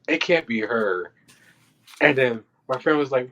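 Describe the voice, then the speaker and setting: A man's voice: medium pitch, lively intonation, normal speed. A man who works on film crews tells casual stories from set as a podcast guest, acting out quotes and reactions. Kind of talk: casual storytelling. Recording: dull lo-fi sound.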